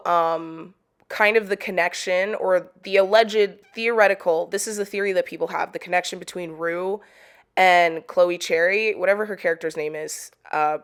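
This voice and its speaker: A young woman chatting casually to camera about a TV episode, animated and slangy. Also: fairly low pitch, roomy sound. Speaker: video creator reviewing a TV episode.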